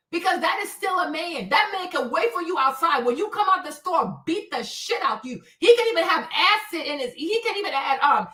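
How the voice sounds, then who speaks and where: A woman chatting on her own livestream. Her voice sits high and bright, and her talk is slangy and animated as she acts out every exchange. She sounds a little back from the mic in an echoey room. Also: far from the mic. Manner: animated, slangy storytelling with acted-out exclamations. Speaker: livestream host. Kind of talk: casual livestream chat. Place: home, in D.C.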